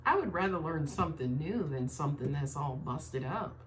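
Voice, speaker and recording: A woman's voice: deep voice, expressive, moderate pace, background noise. A woman giving a casual tarot reading to viewers, talking in a chatty way and often tagging her sentences with "right?". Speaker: tarot reader.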